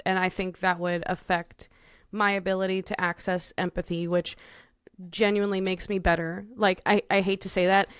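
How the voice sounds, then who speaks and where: A woman's voice: medium pitch, clear, resonant tone, dry recording, clean studio sound. A young woman co-hosting a podcast, chatting casually in a frank, emphatic way. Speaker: podcast co-host. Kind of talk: casual chat.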